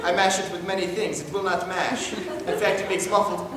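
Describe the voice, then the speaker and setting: A man in falsetto playing a doting, fussy mother obsessed with potatoes in an improv comedy scene. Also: fairly even intonation, normal speed, very noisy, lightly acted. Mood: puzzled. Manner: high falsetto, dramatic and earnest. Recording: echoey room from far off, live stage.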